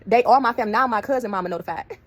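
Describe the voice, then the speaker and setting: A woman telling a story to her viewers in a casual, animated way, acting out quoted voices. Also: a little high, racing. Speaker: storyteller vlogger.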